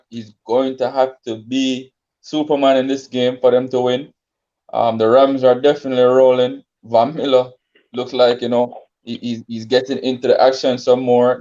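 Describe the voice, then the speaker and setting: A man's voice: mid-range voice, mellow, muffled recording. A man co-hosting a casual sports talk show, laid-back and hesitant, with frequent ums and restarts. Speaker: sports podcast co-host.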